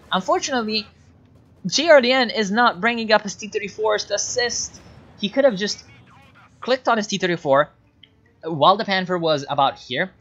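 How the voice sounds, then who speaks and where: Caster for a strategy replay: lively, swinging delivery, patient explaining that erupts into frustrated yelling, dull lo-fi sound. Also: mid-range voice. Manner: explains mechanics, then breaks into exasperated shouting at players. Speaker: game caster. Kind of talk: replay commentary of a strategy game.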